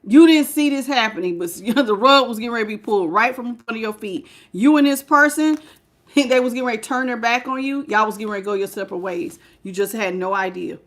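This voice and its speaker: A woman with a somewhat high voice reads tarot cards live. She chats casually, laughs often and greets viewers by name. She hammers home her points by repeating key phrases. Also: fast talker. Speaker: tarot reader.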